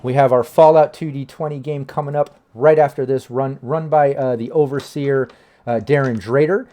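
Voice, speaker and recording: Man, game master, mid-pitched voice, casual narration with fillers. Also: fairly even intonation, normal speed, warm tone. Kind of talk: narrating and hosting a tabletop game stream.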